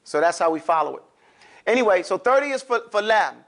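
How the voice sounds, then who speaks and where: A man's voice: high voice, expressive, fairly quick, fairly bright tone. A man teaching a classroom lesson, drawing out sounds for students to repeat and adding playful asides. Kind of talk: classroom lesson with call-and-response drills.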